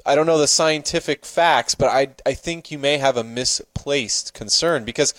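A man's voice: medium pitch, normal speed, a bit bright, no room sound. A man co-hosting a casual chat, teasing his partner and often hesitating mid-sentence. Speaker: co-host.

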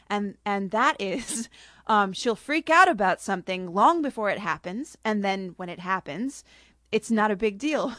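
A woman's voice: medium pitch, fairly bright tone, no room sound, clean studio sound. A woman author, chatting casually with frequent laughs about her story, then reading from it. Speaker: author guest.

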